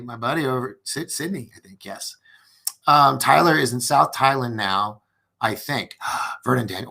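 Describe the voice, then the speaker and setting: A man's voice: mid-range voice, creaky, pushed and bright. A man hosting a late-night live-streamed podcast, chatting casually and reading viewer comments with many restarts and fillers. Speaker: podcast host.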